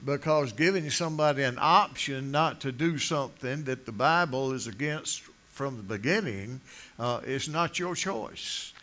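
A man's voice: medium pitch, measured pace, pushed and bright. Older preacher guy rambling through a sermon, lots of uh's, jokey asides. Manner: rambling, joking, with many uh fillers and restarts. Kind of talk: folksy sermon.

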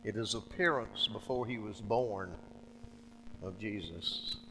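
A man's voice: lowish voice, slow pace, a bit bright, big-room sound, a little hiss or hum, low-quality recording. A male preacher giving a sermon in a folksy storytelling manner, acting out the people in the story.

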